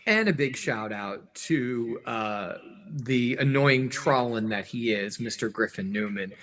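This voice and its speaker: Bright, animated man telling stories. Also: medium pitch, unhurried. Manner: animated storyteller, laughs often. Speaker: guest, TV executive and voice actor. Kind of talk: casual podcast chat.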